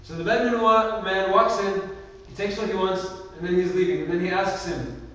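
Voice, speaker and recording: A man's voice: high voice, steady tone, a little fast, fairly bright tone. A young man giving a casual religious talk, telling stories and acting out the people in them, with lots of filler words. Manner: casual, filler-heavy, acts out quoted voices. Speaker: youth speaker. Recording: echoey hall recorded from far off.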